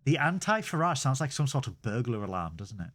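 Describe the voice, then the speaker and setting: A man's voice: mid-range voice, sing-song, a little fast, fairly bright tone. A young man, co-hosting a podcast in casual chat, rambling with stumbling restarts and comic asides. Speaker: podcast co-host.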